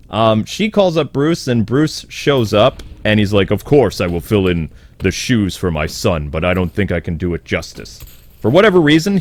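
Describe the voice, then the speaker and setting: A man hosting a casual comic book commentary video, animated and sarcastic, sounding exasperated as he riffs and jumps into quick character voices. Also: medium pitch, no room sound.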